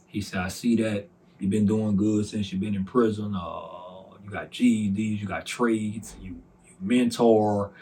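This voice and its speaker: A man in his forties telling his personal testimony, softly and earnestly recounting a conversation by voicing each side. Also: medium pitch. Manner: recounts dialogue by voicing both sides, soft and earnest. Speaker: testimony speaker.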